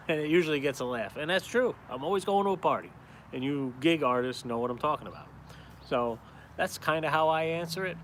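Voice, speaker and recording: A man's voice: medium pitch, fairly quick, a bit bright, slight background noise. A man from upstate New York who draws caricatures, rambling and swearing casually as he chats to viewers on a live stream from outside. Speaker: caricature artist and vlogger. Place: outdoors in town, cold.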